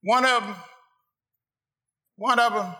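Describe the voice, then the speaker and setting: High, bright-voiced male preacher. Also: takes it slowly. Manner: rhythmic, emphatic preaching with repetitions. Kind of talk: sermon.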